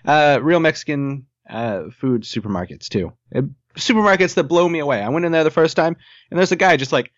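A man's voice: medium pitch, no room sound. Joking podcast man with a dull sound. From Ohio, US. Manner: rambling, jokey, swears casually. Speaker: podcast co-host. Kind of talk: casual chat.

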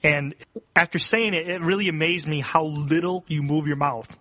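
A man's voice: on the high side, steady tone, moderate pace, pushed and bright, dry recording. A man co-hosting a podcast, eagerly explaining things and trying out in casual banter. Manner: explains eagerly, tries out accents with laughs. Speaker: podcast co-host.

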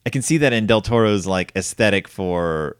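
A man's voice: fairly low pitch, moderate pace, smooth, dry recording, studio quality. A man hosting a casual film discussion podcast, telling stories with lots of fillers. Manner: animated storytelling, many fillers. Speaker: podcast host.

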